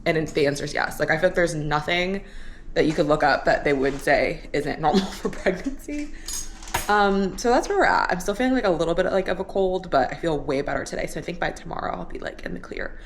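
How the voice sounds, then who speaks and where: A woman's voice: fairly low pitch, lively intonation, brisk, a little hiss or hum. A young woman vlogging from home, talking frankly in a rambling, chatty way with many fillers. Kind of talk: candid diary vlog. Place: at home, indoors. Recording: echoey room, mic at a distance.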